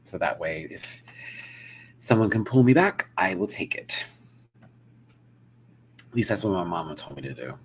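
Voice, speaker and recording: A man hosting a live review of a show in casual, animated, giggly chat. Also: low-pitched, unhurried, creaky, pauses often, breathy edge.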